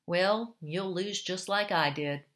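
A woman's voice: fairly low pitch, slow pace, fairly bright tone. A woman voicing a pessimistic male ex-boxer turned tramp, talking blunt street slang. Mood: gloomy.

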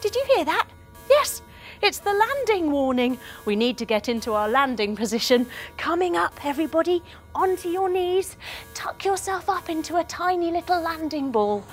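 A woman's voice: very high voice, big pitch swings, moderate pace, soft background music. A young woman leading a storytelling yoga class for children, playful and encouraging, with gasps and sound effects. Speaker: kids yoga teacher.

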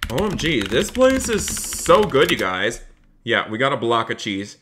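Upbeat bright-voiced man streaming a game. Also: medium pitch, big pitch swings, measured pace, slight background noise. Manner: upbeat, chatty, thanking viewers by name; slips into a polite officer role with players. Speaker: live-stream gamer. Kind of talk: live-stream gameplay commentary with police role-play.

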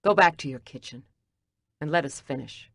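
A woman's voice: sits low, expressive, normal speed, a bit bright, no echo, studio quality, heavily acted. A woman reading as a brusque, bitter man in an argument. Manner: brusque and cutting. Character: angry wounded man arguing with his ex.

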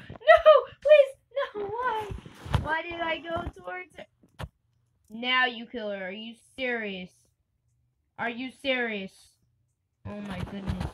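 A young woman giving chatty, excitable gameplay commentary for her channel, laughing and shrieking often. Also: fairly high pitch, creaky, slight background noise, low-quality recording. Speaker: gaming channel host.

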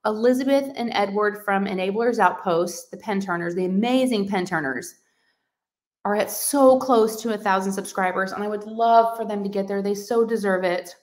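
A woman with a drawl hosts a casual crafting livestream from her home craft room. She reads comments aloud and gushes over her viewers, effusive and easily excited. Her voice sits at an ordinary pitch for a woman. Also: normal speed. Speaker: livestream host of a crafting channel.

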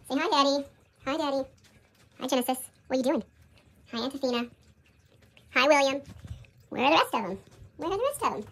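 A woman's voice: sits high, husky. A woman filming her cats at home, cooing at them in repetitive baby talk. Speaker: cat owner filming her pets. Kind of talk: casual home video, baby talk to pets.

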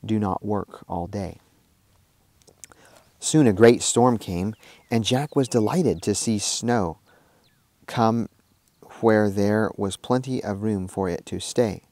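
A man, a minister, reading a children's lesson story aloud in a measured storytelling manner. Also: lowish voice, darkish tone, no echo.

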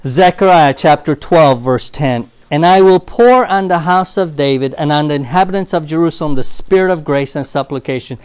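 A man preaching a sermon in a church, telling stories and swinging from loud emphasis to quiet asides. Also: a little high, normal speed, few pauses, smooth.

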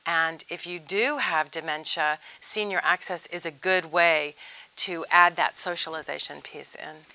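A woman's voice: low voice, fairly even intonation, measured pace, sharp tone, no room sound, rough recording. A woman from a senior services organization, explaining matter-of-factly as a guest in a TV interview. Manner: plain, matter-of-fact explaining. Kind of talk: TV interview talk.

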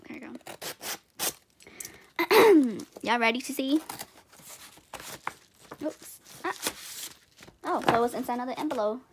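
Brief: high-pitched woman, excitable unboxing vlogger, gushes and exclaims, home tripod-camera sound. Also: normal speed, pauses often, noisy background. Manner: gushing, excitable, repeats exclamations, laughs often. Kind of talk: unboxing vlog, casual chat to camera.

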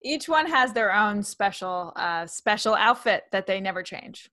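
A woman comedian from New York, her accent mostly trained out, talking in a casual interview in an animated, chatty way, laughing often and restarting her sentences. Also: medium pitch, measured pace. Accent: slight New York, mostly trained out. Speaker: comedian and actress guest.

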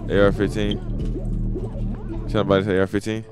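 A young man with a very low, deep voice talks through his gameplay in loose street slang. He is restless and keeps chatting to viewers and other players. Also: monotone, moderate pace, music in the background, rough recording. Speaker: gaming content creator. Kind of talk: casual gameplay commentary.

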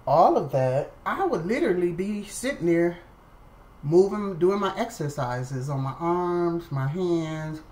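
A woman with a lowish, expressive, slightly mellow voice speaks a little slowly in a low-quality recording. Vlogging from home, she tells a casual story to the camera, chatty and repetitive, talking directly to viewers she calls y'all.

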